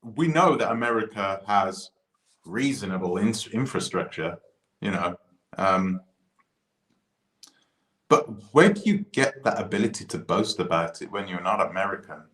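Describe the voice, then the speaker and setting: Male commentator from the UK, slightly low voice, animated and rambling, echoey room. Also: a little slow, long pauses. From United Kingdom. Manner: animated, frequent restarts and asides. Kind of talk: casual opinion monologue. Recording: roomy echo.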